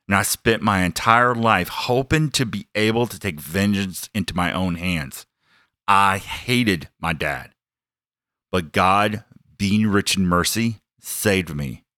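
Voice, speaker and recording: A man's voice: low-pitched, fairly bright tone, no room sound, clean studio sound. A man preaching a sermon, emphatic and earnest, stacking phrases as he builds each point and sharing his own story. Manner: emphatic, building lists with rising intensity; earnest personal testimony.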